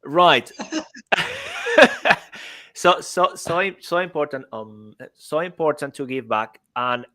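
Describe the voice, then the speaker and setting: A man's voice: on the high side, expressive, takes it slowly, long pauses, bright, forceful tone. Playful joking male co-host. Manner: jokey, playful, laughs easily. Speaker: podcast co-host. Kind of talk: podcast interview.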